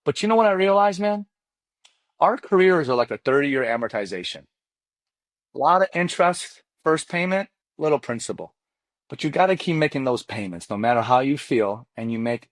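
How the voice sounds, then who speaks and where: In a dry recording, a mortgage loan officer whose first language isn't English tells an animated story as a podcast interview guest. He talks straight to the host in casual slang, performing quoted lines with big pitch jumps.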